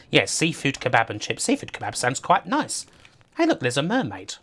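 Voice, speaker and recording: A man's voice: medium pitch, very animated, moderate pace, a bit bright, husky. A man giving casual, rambling livestream commentary over a game, laughing often and talking to his chat. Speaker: streamer.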